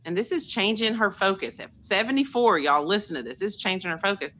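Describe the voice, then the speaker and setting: A woman's voice: medium pitch, fast talker, a bit bright. A middle-aged woman, sharing personal stories in an earnest, chatty way on a group call. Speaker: call participant.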